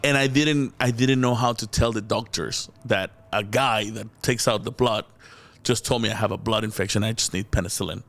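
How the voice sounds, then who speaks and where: A man's voice: on the low side, normal speed, few pauses. A man with a Mexican accent, a guest comedian, telling a story in a casual interview, laughing often and acting out what people said. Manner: animated, laughing often, acts out quoted dialogue, many restarts.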